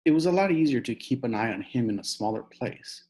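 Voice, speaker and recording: Animated, husky male storybook reader. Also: medium pitch, fairly quick. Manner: animated storytelling with a boyish narrator's voice. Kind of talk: audiobook reading aloud.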